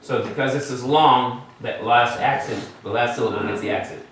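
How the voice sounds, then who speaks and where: A man's voice: medium pitch, moderate pace, a bit bright, slight background noise. A man teaching a Hebrew class, patiently explaining letters and vowels and quizzing his students. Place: classroom in a congregation building. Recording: very echoey room, mic far off.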